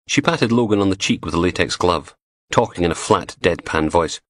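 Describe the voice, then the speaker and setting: Low-voiced man reading a crime audiobook. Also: expressive, normal speed, dry recording, studio quality. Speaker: audiobook narrator. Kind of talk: scripted narration.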